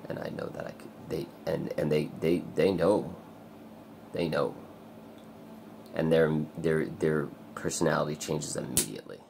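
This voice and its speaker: A man vlogging in a casual, rambling way, swearing often and filling pauses with "like" and "you know.". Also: rumbling low, gravelly, darkish tone, a little hiss or hum. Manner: rambling, swears a lot, many fillers. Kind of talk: casual personal vlog.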